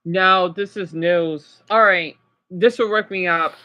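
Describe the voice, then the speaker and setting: Speaking slowly in a high, steady, sharp-toned voice, a man reacts to videos on a livestream. He chats with his viewers in an upset, rambling way, full of restarts and apologies.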